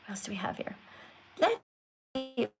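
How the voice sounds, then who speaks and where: Woman, slightly high voice, live-stream host, earnest, preachy, pleading, thanks viewers by name. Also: very animated, normal speed, poor audio. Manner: reads out viewer names and thanks them. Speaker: livestream host.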